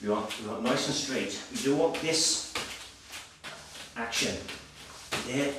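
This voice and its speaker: A slightly breathless male personal trainer demonstrating exercises, giving brisk, direct coaching with frequent check-ins. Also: medium pitch. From Wales. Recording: very echoey, distant, noisy room sound.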